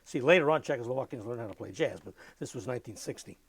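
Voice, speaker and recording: Gravelly older man telling stories. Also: medium pitch, fast. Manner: lively anecdotal, mimics music with vocal sounds. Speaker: interviewee. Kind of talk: oral history storytelling.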